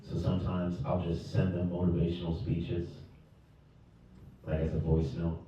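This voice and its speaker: A man's voice: sits low, monotone, moderate pace, mellow, a little hiss or hum. A young man doing stand-up, conversational and fond of repeating his punchlines, heard in a comedy club from a distance. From Nigeria. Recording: distant, echoey dull club recording.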